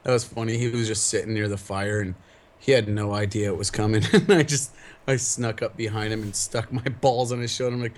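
A man co-hosting a podcast who tells rowdy stories in a loud, giggly, casual chat. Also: fairly low pitch, steady tone, a little fast. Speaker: podcast co-host.

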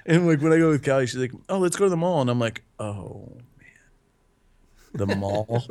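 A man's voice: fairly high pitch, lively intonation, quick pace, darkish tone. A young man in casual chat, rambling and swearing, laughing often as he talks.

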